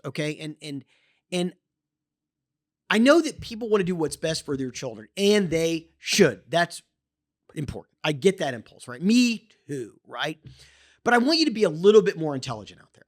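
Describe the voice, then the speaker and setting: A podcast host delivers a heated, opinionated monologue. The pitch swings all over the place, lively and animated. Sentences keep restarting and stumbling over repeated words as the passion builds. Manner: impassioned, gets worked up, many restarts and repeated words.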